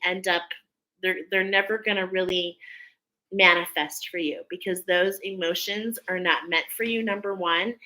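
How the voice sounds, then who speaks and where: Bright-voiced woman giving oracle guidance. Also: fairly low pitch, rough recording. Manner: warm, affirming, repeats "okay?" often. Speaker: spiritual channel host, oracle reader. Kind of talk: casual spiritual guidance talk.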